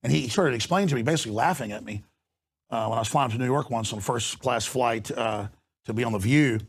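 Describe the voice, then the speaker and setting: A man hosting a talk show, speaking forcefully and emphatically in a heated discussion. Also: medium pitch, gravelly, husky. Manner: forceful, emphatic, rapid-fire delivery. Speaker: host.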